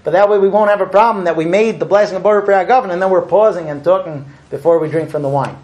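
A man's voice: high-pitched, rapid-fire, a little mellow, muffled recording. A man leading a group through a mock Seder, explaining terms and chanting the blessings. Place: room with a group.

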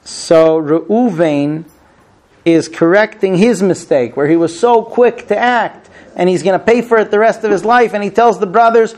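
A middle-aged man giving an informal Torah class, telling the story with lively acted-out dialogue. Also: moderate pace. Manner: animated storyteller, acts out quoted speech with high pleading voice. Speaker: rabbi teaching the weekly Torah portion.

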